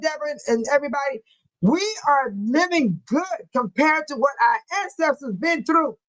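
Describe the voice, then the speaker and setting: High-voiced woman hosting a laughing livestream chat. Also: rough recording. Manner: loud, laughing, animated, folksy slang. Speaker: livestream host. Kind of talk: casual live chat, reading out viewer comments.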